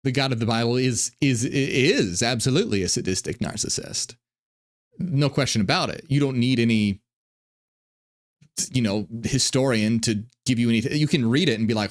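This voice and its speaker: A man hosting a casual reaction commentary, talking in an animated, profane way and often restarting his sentences. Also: medium pitch, moderate pace. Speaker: commentary host.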